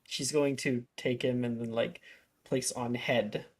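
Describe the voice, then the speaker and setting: A woman's voice: very deep voice, fairly even intonation, measured pace, a little mellow, slight background noise. A woman narrating as game master in casual, giggly style.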